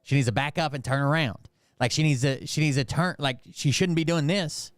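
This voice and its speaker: Man, smooth resonant voice, dry close sound, rambling profane storyteller. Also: a little high, brisk, dry recording. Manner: profane, rambling, heated retelling full of fillers. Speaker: channel host. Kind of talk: casual storytelling.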